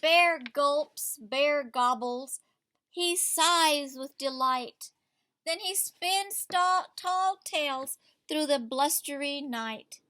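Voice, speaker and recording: A woman's voice: high-pitched, very slow, pushed and bright. A woman teacher reads a picture book aloud to children. She reads with expression and stops to ask the children questions.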